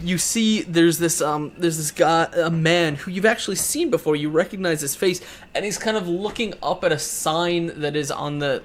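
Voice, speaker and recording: A man narrating a tabletop game as game master, rambling with many restarts. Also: a little high.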